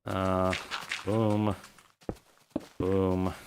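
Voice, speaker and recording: A young man with a vaguely Eastern European accent streams a game, chatting, joking, rambling and laughing often as casual live commentary. His voice is deep, with a completely flat delivery and drawn-out words, over a noisy background.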